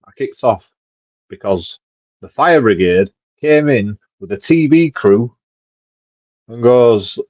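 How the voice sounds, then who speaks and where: Husky man ranting. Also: medium pitch, animated, slow pace, pauses often, no room sound. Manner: swears heavily, rambling, with restarts and laughs. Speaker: vlogger. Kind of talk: casual ranting monologue. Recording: dull lo-fi dry sound.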